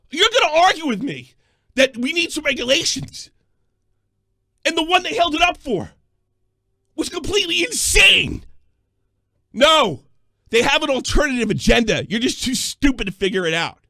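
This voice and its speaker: Male call-in host, loud profane ranting, very high tense voice, dry close sound. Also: very animated, normal speed, dry recording. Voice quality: yelling, profane, combative. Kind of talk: angry call-in rant.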